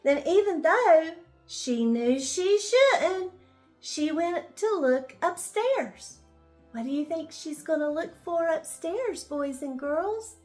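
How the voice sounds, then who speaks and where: An older woman reading a children's bedtime story, gently asking the listening children questions as she goes. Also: extremely high pitch, animated, slow, soft background music.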